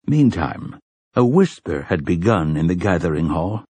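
A man narrating an audiobook in a deliberate storytelling manner. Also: deep voice, sing-song, dark tone, breathy edge, no room sound. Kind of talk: scripted narration.

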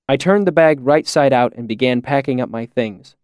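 A man reads a first-person novel aloud in a calm, measured way. His voice sits at a middle pitch and is recorded dry and close, with no room sound at all. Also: no room sound. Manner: measured, even storytelling. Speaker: audiobook narrator. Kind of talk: scripted narration.

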